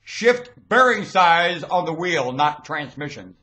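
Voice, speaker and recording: A man delivering a rambling, preachy monologue rant into a webcam, swinging from low muttering to loud shouting. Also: sing-song, slow pace. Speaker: webcam vlogger.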